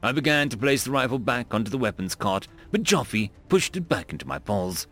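A man narrating a science fiction story in first person with expressive storytelling. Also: mid-range voice, brisk. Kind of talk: scripted narration of a sci-fi story. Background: faint music.

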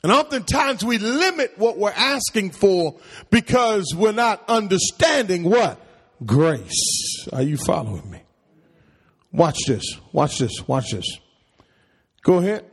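A husky-voiced man preaching in a church, his voice pitched high and leaping widely in call-and-response. He drags out his words at an unhurried pace. A long reverb from the sanctuary trails each phrase. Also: lively intonation. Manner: preaching with rising calls and questions to the congregation. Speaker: pastor.

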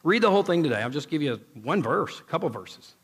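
A man preaching a sermon, emphatic, moving from loud exclaiming to low, intense passages as he quotes scripture and retells stories. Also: very animated, fast talker, slightly rough.

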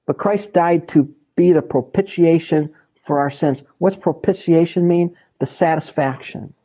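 A man's voice: on the high side, a little slow, dark tone. A man teaching a Bible study in an emphatic way, repeating words for stress. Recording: dull lo-fi recording.

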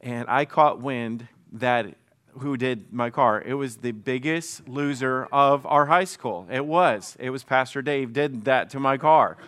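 A middle-aged man preaching a sermon as pastor, telling a personal story with animated quoted bursts. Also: medium pitch, unhurried.

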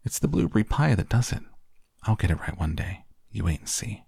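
A man's voice: on the low side, big pitch swings, vocal fry, dark tone, breathy edge, no room sound, studio quality, voice pushed up, full character voice. A man voicing Willy Wonka, rueful eccentric. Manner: wistful sighing, then briskly matter-of-fact. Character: eccentric, sighing male chocolatier inventor.

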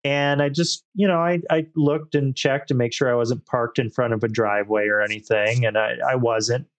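A young man on a podcast, casually telling a profane, animated story and acting out the other people in it. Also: mid-range voice, moderate pace. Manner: profane, animated storyteller doing quoted voices. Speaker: podcast co-host.

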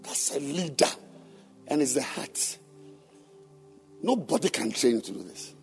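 A man preaching to church leaders, questioning members of the congregation and then shouting his points. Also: medium pitch, expressive, measured pace, soft background music. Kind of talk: sermon. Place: church hall.

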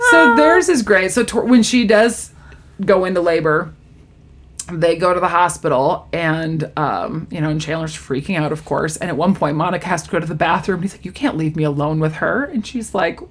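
A woman's voice: fairly low pitch, moderate pace. A woman co-hosting a casual chat, animatedly retelling a sitcom episode and acting out the characters' lines.

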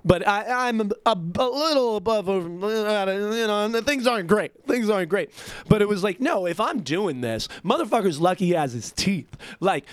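A man with a high-pitched voice tells a story in a heated, profane, animated rant. His delivery is quick and punchy, with a dry, close sound and no room echo.

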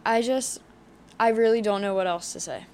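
A woman's voice: on the high side, moderate pace, a little mellow, smooth. A woman in her twenties hosting a solo podcast, talking candidly and heatedly, swearing often, with plenty of fillers. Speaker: podcast host.

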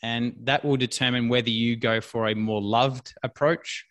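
A man's voice: medium pitch, steady tone, normal speed, a bit bright. A man, a business coach, talking bluntly and emphatically in a casual interview, repeating his key points.

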